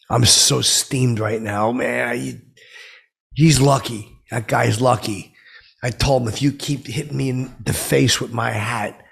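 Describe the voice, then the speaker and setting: A man sits on the low side as he plays a self-important, touchy middle-aged man indignantly rambling through a comic monologue. The gravelly, husky delivery is heavily acted.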